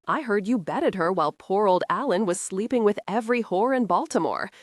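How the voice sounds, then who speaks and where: A woman's voice: mid-range voice, animated, fairly quick, no echo, clean studio sound, natural voice. A woman voicing a middle-aged male gunman who sneers and threatens, in an audiobook. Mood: menacing.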